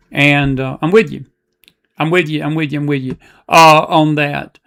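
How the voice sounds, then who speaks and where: Gravelly, impassioned man. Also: fairly high pitch, steady tone, moderate pace, a bit bright. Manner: impassioned, repetitive, preacher-like. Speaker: political talk show host. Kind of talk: live political commentary. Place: studio with live audience.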